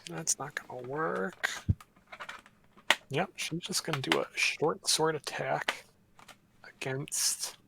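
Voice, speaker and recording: A man running a tabletop game as game master, talking in a relaxed, rambling way with fillers. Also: fairly high pitch, slow, creaky, pauses often, a little hiss or hum.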